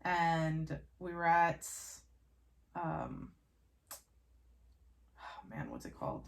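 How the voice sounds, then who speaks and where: A woman's voice: sits low, huge pitch swings, drawn-out words, gravelly. A woman chatting casually while she sews, rambling with fillers and small laughs. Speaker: sewing vlogger. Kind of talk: casual chat while sewing.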